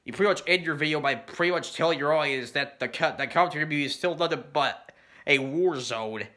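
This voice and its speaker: Bright-voiced rambling man ranting. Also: a little high, fast talker. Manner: rambling, heavy on "you know" and "stuff like that"; clears throat and laughs between points. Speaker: commentary YouTuber. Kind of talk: rambling response rant.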